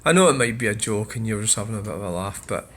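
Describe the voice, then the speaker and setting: A man's voice: on the low side, expressive, quick pace, a bit bright. Blunt, sweary Scottish man. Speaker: channel host. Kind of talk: ranting vlog, reading viewer comments.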